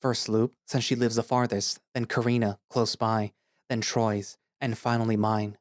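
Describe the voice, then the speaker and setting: A man's voice: on the low side, normal speed, no echo, clean studio sound. A man narrating a first-person dramatic audio story as an earnest, emotional young male anthro, speaking expressively. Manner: earnest and expressive, rising to anger. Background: background music.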